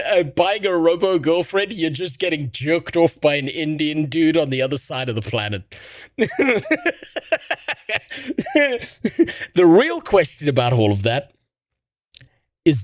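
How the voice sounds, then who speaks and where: A man's voice: a little high, dry recording, clean studio sound. A man streaming live, reacting to videos with blunt, profane commentary and frequent laughter at his own jokes.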